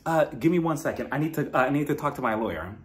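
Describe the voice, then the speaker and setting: A man's voice: a little high, animated, quick pace, close to an everyday voice. A man impersonating an evasive grown man who mumbles hesitant refusals to every question.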